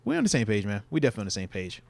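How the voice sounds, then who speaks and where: A man co-hosting a casual sports podcast, animated and slangy, repeating his phrases for emphasis. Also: on the low side, racing, creaky, no room sound. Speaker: podcast co-host, former player.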